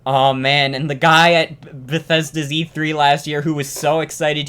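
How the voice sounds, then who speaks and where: Brief: foul-mouthed live streamer, mid-pitched voice, loose rambling rant about video games. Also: level tone, moderate pace, fairly bright tone, smooth. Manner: profane, ranting, repeats themselves. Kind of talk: casual live-stream reaction chat.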